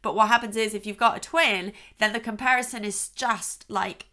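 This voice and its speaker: A woman's voice: mid-range voice, fairly even intonation, normal speed, sharp tone. A middle-aged woman and parenting expert giving earnest, reassuring advice straight to the listener, often checking in with "okay?". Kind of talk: direct-to-camera advice talk.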